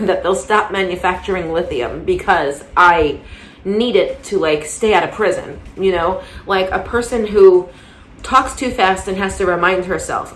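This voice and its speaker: A woman's voice: mid-range voice, reverberant. A woman talking through a casual commentary monologue, rambling with many restarts and getting heated. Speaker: commentary vlogger.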